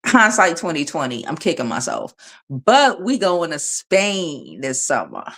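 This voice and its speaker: A woman hosts a casual livestream on her phone and answers her viewers' comments. She speaks bluntly with a lot of swearing. Her pitch swings widely and with energy from line to line. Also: measured pace. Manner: blunt, profane, animated. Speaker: livestream host.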